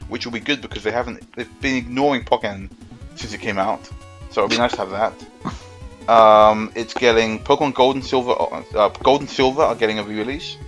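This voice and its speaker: A man's voice: mid-range voice, fairly even intonation, a little fast, a bit bright, soft background music. A man co-hosting a gaming podcast, rambling and joking in casual chat with lots of fillers. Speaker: podcast co-host.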